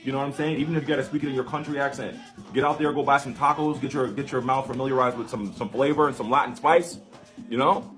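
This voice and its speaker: A man's voice: mid-range voice, fast talker, a bit bright, faint music behind. A man giving a mocking, lecturing opinion commentary. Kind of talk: opinion video.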